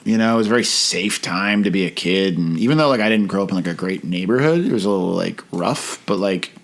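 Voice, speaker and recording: A low, gravelly man in his forties from Chicago, talking casually as a podcast guest. He tells animated stories and breaks into loud, profane rants. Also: fast talker.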